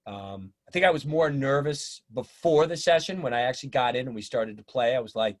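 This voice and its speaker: A middle-aged man telling stories in a casual interview, animated and acting out the voices of people he quotes. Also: medium pitch, fairly quick, few pauses. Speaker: drummer and teacher, interview guest.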